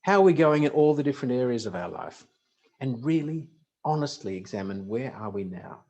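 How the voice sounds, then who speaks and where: A man's voice: mid-range voice, very animated, fairly quick, a little mellow, dull audio. A man giving a motivational talk from a stage, punchy and humorous as he tells stories. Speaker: speaker.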